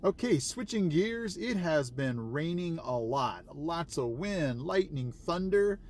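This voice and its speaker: A man's voice: fairly high pitch, expressive, takes it slowly, darkish tone. Rambling man telling a story. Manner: rambling, many fillers and restarts. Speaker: vlogger. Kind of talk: casual storytelling to camera.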